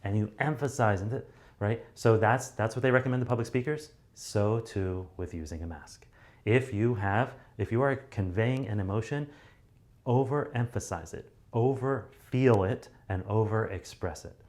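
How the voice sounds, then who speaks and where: A man's voice: lowish voice, normal speed, darkish tone. A man teaching public speaking in a loose, conversational way, with many fillers and restarts. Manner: acts out sample deliveries to show each point. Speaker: communication coach.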